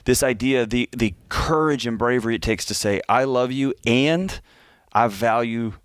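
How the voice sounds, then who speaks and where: A man's voice: medium pitch, moderate pace, clean tone, no echo, studio quality. A man co-hosting a call-in advice show, reflective and teasing, telling short stories to make his point. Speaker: radio co-host. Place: radio studio. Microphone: close studio mic.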